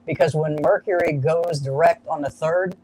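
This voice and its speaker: Male astrologer, higher-pitched, upbeat and explanatory, live stream, faint hiss. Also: fairly even intonation, normal speed, a little mellow, rough recording.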